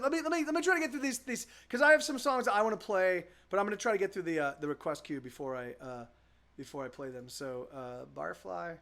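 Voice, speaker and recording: Laid-back male streamer, high voice, rambles and restarts, soft music behind. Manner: rambling, with many restarts and repeated words. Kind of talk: casual chat.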